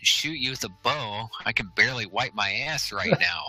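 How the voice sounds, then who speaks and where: A man's voice: medium pitch, animated, moderate pace, crowd noise, pitched above the performer's own voice, lightly acted, low-quality recording. A man voicing a sardonic male ranger who makes dry, mocking jokes.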